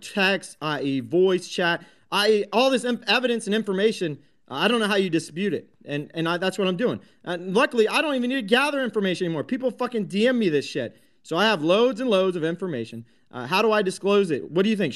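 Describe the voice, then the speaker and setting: High-voiced man ranting in an audio room. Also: animated, quick pace, few pauses, fairly bright tone. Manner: combative, heavy swearing, many restarts. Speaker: host of a crypto talk space. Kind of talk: profane live audio-room rant.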